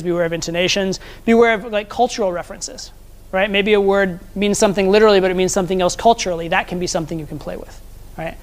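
A man teaching a live seminar as a social skills coach, talking conversationally and often checking in with the audience. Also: high voice.

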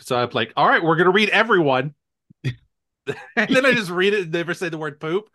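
A man's voice: fairly high pitch, brisk. A man co-hosting a podcast in casual chat, laughing often and telling stories with energy. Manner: laughs often, animated storytelling. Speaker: podcast co-host.

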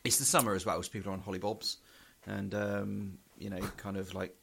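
A man's voice: lowish voice, flat delivery, a little fast, creaky, a bit bright, a little hiss or hum. A man co-hosting a podcast in sweary, rambling casual chat. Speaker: podcast co-host.

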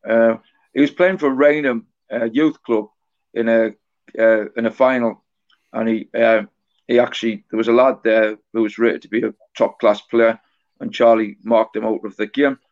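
An author in his forties, a guest in an interview, tells a story haltingly, stopping, restarting and doubling words while he gathers his thoughts. His pitch is flat and barely moves, and the recording is dull and lo-fi.

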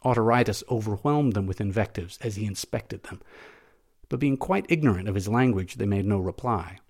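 A man narrating a classic novel as an audiobook, in a measured, steady reading. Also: lowish voice, faint music behind.

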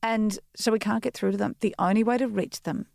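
A woman's voice: medium pitch, fairly even intonation, brisk, vocal fry, darkish tone, no room sound, studio quality. A woman, a guest on a parenting podcast, speaking candidly and acting out quotes with animation. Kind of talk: casual chat.

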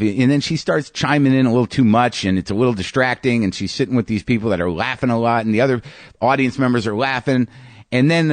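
A male comedian hosting his podcast tells a story at a reflective pace, stumbling over restarts and repeated words as he hunts for the right phrase. His voice sits at an ordinary middle pitch. The sound is dry, with no room echo. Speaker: podcast host and stand-up comedian. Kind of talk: storytelling monologue.

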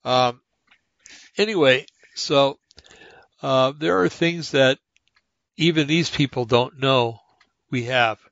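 A man's voice: mid-range voice, takes it slowly, vocal fry, pauses often, a bit bright, dry recording. Man, podcast host, rambling monologue, muffled lo-fi sound, dry room. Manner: rambling, many fillers and restarts. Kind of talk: casual monologue reading articles aloud.

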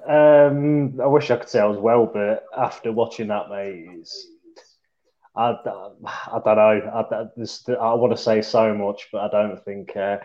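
Dejected low-voiced man on a muffled call. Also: fairly even intonation, mellow. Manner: dejected, halting, trailing off. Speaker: guest caller on a fan live stream. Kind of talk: casual chat.

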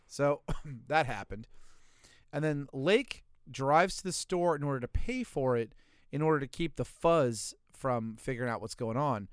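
A man from the US Deep South with a Southern accent, co-hosting a podcast and telling a story in a profane, joking way. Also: unhurried, smooth, no echo, clean studio sound. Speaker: podcast co-host. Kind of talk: casual podcast banter.

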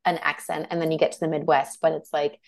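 A woman's voice: low voice, flat delivery, fast talker, vocal fry, no room sound. A woman from Washington State co-hosting a podcast in casual chat, loose and chatty with digressions. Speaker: podcast co-host.

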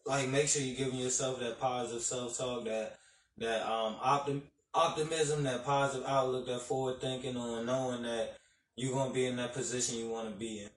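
A man's voice: medium pitch, level tone, fairly quick, a little hiss or hum. A man co-hosting a casual live-stream chat, reflective and encouraging, with loose filler words. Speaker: podcast co-host. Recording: roomy, distant mic.

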